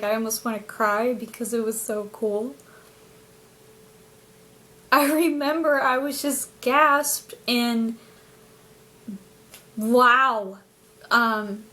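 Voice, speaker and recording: A woman telling a personal story in a casual, animated way, often hedging what she remembers. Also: fairly high pitch, slight background noise. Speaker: spiritual channel host.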